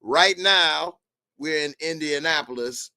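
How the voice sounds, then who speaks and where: A man's voice: on the high side, slow, bright, forceful tone, no room sound. Jokey man, close and dry. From Chicago. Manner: laid-back, jokey, reads viewer comments aloud. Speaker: stream host. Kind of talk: casual live-stream chat.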